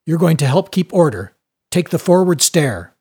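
Brief: man reading a no-nonsense ship's mate, clipped, loud, husky, higher than his own voice. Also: big pitch swings, moderate pace, full character voice. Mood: urgent. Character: brisk male first mate of a ship.

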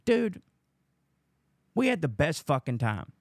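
A man's voice: on the high side, sing-song, slow pace, no echo, studio quality. A young man hosting a podcast, rambling through a profane, casual monologue. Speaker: podcast host.

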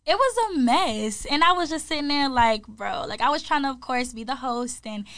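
A young woman with a high-pitched voice co-hosts a podcast, telling a story in casual chat and animatedly acting out the quoted dialogue. She speaks at normal speed in a dry, clean studio recording.

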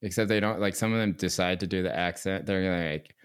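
Deep-voiced man in rambling casual chat. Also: fairly even intonation, brisk, smooth. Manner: rambling, lots of "like" and "you know", laughs easily. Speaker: podcast co-host.

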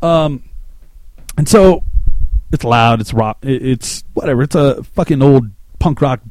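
A man in his thirties from Louisiana, telling a story on his podcast in a rambling, excitable, profane way. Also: medium pitch, unhurried. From Shreveport, Louisiana, US. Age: 30s. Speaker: podcast host. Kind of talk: casual storytelling monologue.

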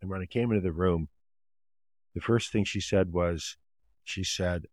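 A man's voice: low-pitched, moderate pace, long pauses, no echo. A man, a family doctor and author, answering interview questions with long stories and acting out the people in them. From United States. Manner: acts out quoted voices in anecdotes, animated retelling. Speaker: family physician and author, podcast guest.

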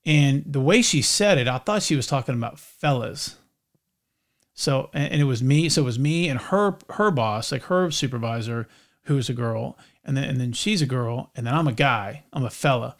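A man's voice: mid-range voice, animated, normal speed. A middle-aged man from North Carolina, co-hosting a podcast in a rambling, casual way, full of fillers and restarts. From North Carolina, USA. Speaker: podcast co-host. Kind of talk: casual chat.

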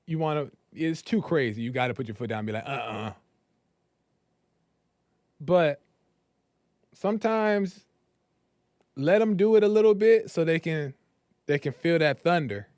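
A man's voice: high voice, darkish tone, dry recording. A man hosting a call-in podcast, talking casually and emphatically in slang. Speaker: podcast host.

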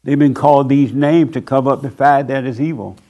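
Gravelly-voiced man preaching bluntly. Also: medium pitch, steady tone, fairly quick, warm tone. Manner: blunt, mocking, emphatic preaching. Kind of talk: sermon.

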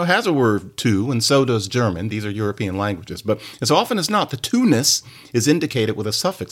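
A man hosting a podcast and explaining things in a playful, digressive way. His pitch leaps up and down constantly, and he often drops his voice low before bouncing back up. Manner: playful, digressive lecturing with sudden pitch jumps. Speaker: podcast host.

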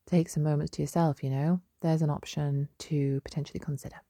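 A young woman hosting a solo podcast, chatty and gentle, with many fillers and restarts. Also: low-pitched, flat delivery, fairly quick, no echo, studio quality. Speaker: podcast host. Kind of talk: casual solo podcast talk.

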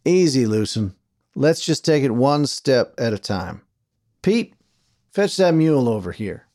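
A man voicing a gruff, steady frontier sheriff with a folksy drawl and a firm manner. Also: mid-range voice, a little slow, no room sound, studio quality.

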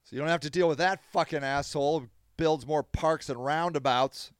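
A man hosts his own podcast and reads news items aloud, breaking off into heated, foul-mouthed tirades. His voice sits a little high and comes across smooth and clear. The sound is dry and close, with no room echo. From Akron, Ohio. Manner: profane, heated and ranting; quick flashes of anger, loud outbursts. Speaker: podcast host. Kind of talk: reading news articles aloud and ranting about them.

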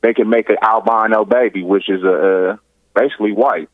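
Over a tinny phone line, an Ohio caller with a lowish, fairly even voice rambles a little fast, constantly adding "or whatnot." No room sound can be heard.

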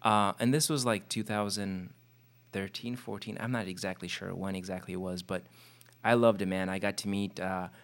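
A man hosting a casual interview, asking questions in a relaxed, filler-heavy way and livening up when he tells stories. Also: sits low, moderate pace. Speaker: podcast host.

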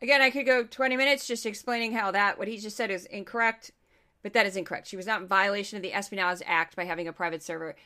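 A woman's voice: mid-range voice, fairly even intonation, fast talker, bright, forceful tone, clear, resonant tone. A woman hosting a podcast, commenting casually and sarcastically on news clips, with frequent restarts and asides. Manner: sarcastic, rambling, many restarts. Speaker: podcast host.

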